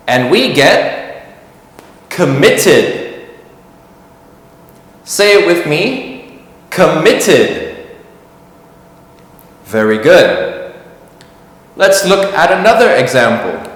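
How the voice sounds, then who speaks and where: A man teaching English grammar, explaining slowly and patiently and repeating words for learners to say along. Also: on the high side, fairly bright tone. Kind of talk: slow classroom explanation. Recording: very echoey room with long reverb.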